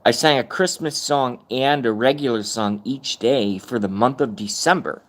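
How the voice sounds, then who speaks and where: A man's voice: medium pitch, normal speed. A man in his thirties ranting on a live stream, rambling and self-mocking, swearing often. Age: 30s. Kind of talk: casual rant on a live stream.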